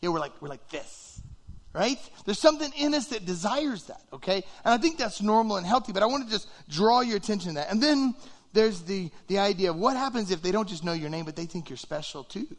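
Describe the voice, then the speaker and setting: Speaking fairly quickly, this pastor preaches in a bright, high voice with a loose, conversational feel. His sermon is relaxed and lively, and he performs small quoted reactions as he goes.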